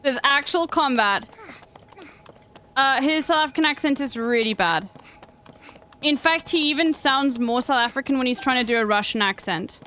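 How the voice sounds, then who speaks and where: A woman's voice: high-pitched, lively intonation, normal speed, sharp tone, a little hiss or hum, poor audio. A young woman streaming a game, chatting crudely and jokingly with her viewers. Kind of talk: casual gameplay commentary.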